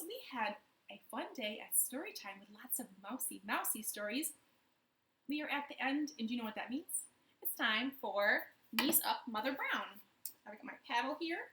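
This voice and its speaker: A woman, a children's librarian, reading aloud at storytime from her living room in a gentle, playful way. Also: fairly high pitch, expressive, moderate pace, roomy sound, slight background noise.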